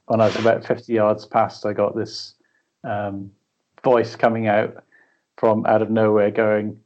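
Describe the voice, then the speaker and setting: A man's voice: on the low side, completely flat delivery, unhurried, a little mellow, muffled recording. A man co-hosting a podcast in casual, jokey chat with frequent fillers. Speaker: podcast co-host.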